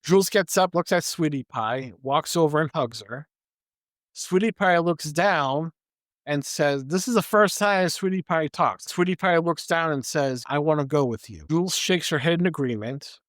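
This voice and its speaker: This is a man co-hosting a podcast, recapping a movie casually by retelling its scenes step by step and quoting the characters as he goes. His fairly high, fairly bright voice moves at normal speed. There's no echo, and the studio sound is clean.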